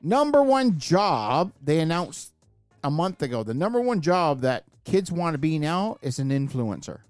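Guy ranting on a podcast, lots of cussing, kinda high voice. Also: very animated, a little slow, darkish tone, no echo, faint music behind. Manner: ranting, heavy swearing. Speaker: podcast host. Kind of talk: casual opinionated chat.

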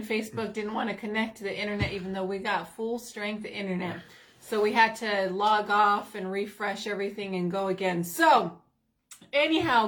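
A woman co-hosting a faith livestream, chatting casually, greeting viewers and laughing often, with her voice going a little hoarse. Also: on the high side, a bit bright. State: losing her voice.

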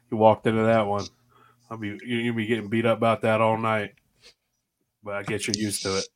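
A man's voice: lowish voice, flat delivery, moderate pace. A man hosting a casual chat, teasing his guests and laughing often. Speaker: podcast host.

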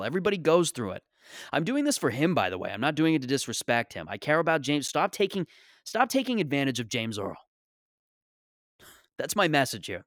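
A male comedian rants with sarcasm and exasperation, his pitch swinging all over the place. The sound is dry and close, with no room echo at all. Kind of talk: comedic rant monologue.

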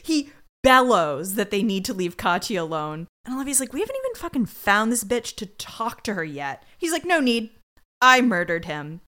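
Sweary, lively woman recapping a show. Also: mid-range voice. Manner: sweary, sarcastic, acts out characters in quick voices. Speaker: podcast co-host. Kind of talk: casual comedic recap.

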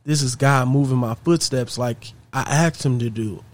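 A man voicing an anxious, doubtful mother, speaking low and subdued. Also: normal speed, close to an everyday voice. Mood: worried.

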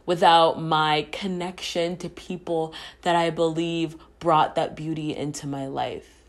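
Slow, earnest young woman speaking from the heart. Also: lowish voice. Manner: earnest, swears casually, slow and drawn out. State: emotional, near tears at times. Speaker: podcast host. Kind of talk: reflective personal talk.

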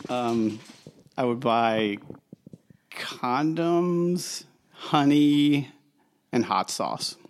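A man who is a family guest on a casual game chat, answering in a dry, unhurried way. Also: mid-range voice, lively intonation, clear, resonant tone.

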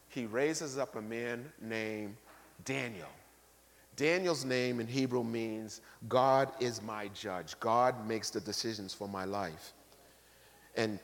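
Bishop guy preaching, acts out folks he quotes, loud then real quiet, echoey big church. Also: medium pitch. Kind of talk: sermon. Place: large church sanctuary. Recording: long reverb of a large hall.

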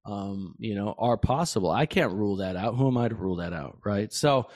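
A man hosting a podcast, asking a guest curious questions in a relaxed way. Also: fairly low pitch, brisk. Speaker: podcast host. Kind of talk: interview questions.

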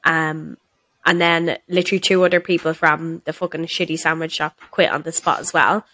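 A young woman with a Dublin accent, a podcast co-host telling a workplace story in casual chat, sweary and quick to laugh. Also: sits low, flat delivery, bright, forceful tone.

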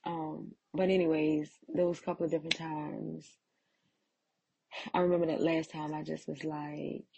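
Slow, gravelly-voiced woman giving testimony. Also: deep voice, little pitch movement, a little mellow, no room sound, low-quality recording. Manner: candid, confessional, self-deprecating. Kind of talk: faith-based personal testimony.

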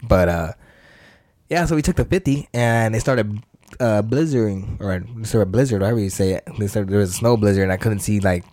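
A man's voice: on the low side, brisk, a little mellow, no echo, clean studio sound. A man, co-hosting a podcast, telling a story in a slangy, rambling way, swearing and acting out voices. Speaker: podcast co-host. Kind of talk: casual chat.

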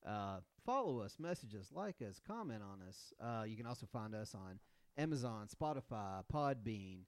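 A man's voice: fairly low pitch, very animated, normal speed, no echo. A man co-hosting a casual sports podcast, joking wryly, swearing and putting himself down. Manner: wry, profane, self-deprecating. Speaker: podcast co-host.

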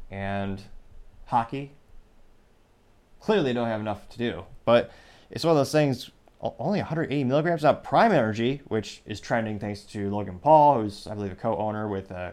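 A man's voice: on the low side, a little mellow. A man hosting a casual news commentary show, full of sarcastic joking asides. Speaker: host.

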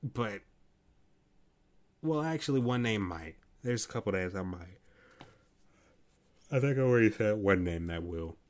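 Late at night, a man hosts a solo podcast, ranting with exasperation and profanity, weary and yawning, with many restarts. His voice is on the low side and expressive, measured in pace with frequent pauses.

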